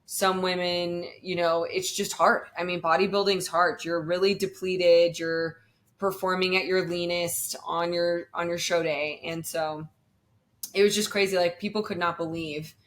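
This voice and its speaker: A woman's voice: on the low side, little pitch movement, measured pace, fairly bright tone. A young woman talking casually about her bodybuilding prep, chatty and full of fillers. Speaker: bodybuilding competitor, guest. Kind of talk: casual podcast chat.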